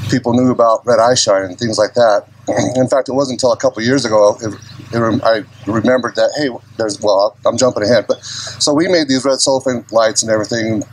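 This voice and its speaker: A man telling a personal story at an open mic in a casual, rambling way, clearing his throat often and jumping ahead of himself. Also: mid-range voice, rough recording. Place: outdoor gathering open mic.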